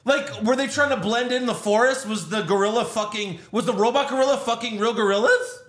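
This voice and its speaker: Loud exasperated man in a roomy space. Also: very high voice, brisk. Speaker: podcast co-host. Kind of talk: casual movie review chat.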